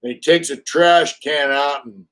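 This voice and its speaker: A man's voice: on the high side, unhurried, fairly bright tone, smooth. Blunt, profane storytelling man. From California. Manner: acts out quotes in raised voices. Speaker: channel host. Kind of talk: casual live-stream chat.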